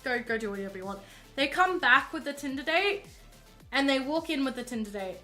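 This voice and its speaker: A woman's voice: sits high, lively intonation, fairly quick, pushed and bright, soft background music. A woman streamer telling a story casually, rambling along with plenty of fillers while she paints at home.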